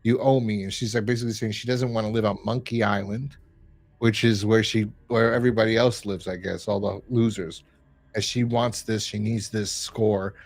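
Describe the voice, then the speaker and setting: A man's voice: fairly low pitch, fairly even intonation, normal speed. A man hosting a review podcast, chatting casually and rambling with lots of fillers. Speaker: podcast host reviewing a horror episode. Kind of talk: casual chat.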